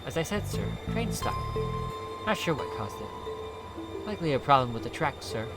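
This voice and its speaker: A man's voice: mid-range voice, big pitch swings, moderate pace, over loud music, lightly acted. A man voicing a polite, formal male ghost train conductor who calls everyone sir, while reading a game aloud. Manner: stiffly courteous, says sir constantly.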